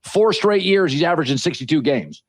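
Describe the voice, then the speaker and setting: Male guest analyst, high voice, measured and thoughtful delivery. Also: expressive. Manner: measured, analytical, occasional filler words. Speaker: guest commentator. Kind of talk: sports analysis.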